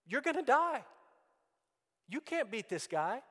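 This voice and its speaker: A man's voice: extremely high pitch, sing-song, unhurried, fairly bright tone, husky, voice pushed up, heavily acted. A man voicing a blunt, mocking wife who scolds her husband. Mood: scolding. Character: scolding wife of a doomed schemer, woman. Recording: long church reverb.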